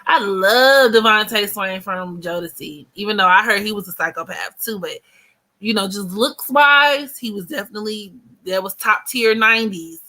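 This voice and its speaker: Woman, thirties, from the US, livestream host, casual chat, bright ringing voice, blunt, slangy, joking. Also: mid-range voice, normal speed. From United States. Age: 30s.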